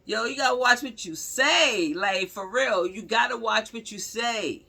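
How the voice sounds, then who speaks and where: This woman's voice is on the high side, creaky with a breathy edge, and measured in pace. Talking straight to her viewers in an animated, casual way, she offers blunt, slangy true-crime commentary, repeating phrases for emphasis.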